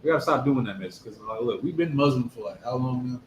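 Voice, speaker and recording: A man's voice: mid-range voice, lively intonation, a little fast, slight background noise. A man chatting in a religious discussion, speaking bluntly and dismissively. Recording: echoey room.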